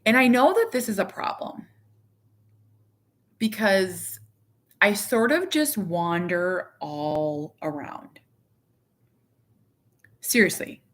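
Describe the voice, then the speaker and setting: A woman's voice: mid-range voice, slow, pauses often. Chatty woman rambling to viewers. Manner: rambling, heavy use of "like"; candid, animated. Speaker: vlogger, parent. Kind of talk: casual chat to viewers. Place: home living room.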